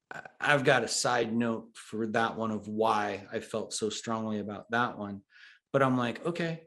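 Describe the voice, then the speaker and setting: A middle-aged man chatting as a podcast guest, telling a work story and acting out the quoted back-and-forth. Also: mid-range voice. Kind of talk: casual storytelling chat.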